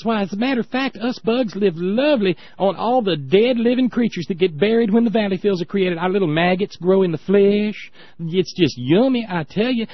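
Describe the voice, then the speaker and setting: A man voicing a gleeful, creepy male bug in a mocking, squeaky voice. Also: no room sound. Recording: dry, dull lo-fi audio.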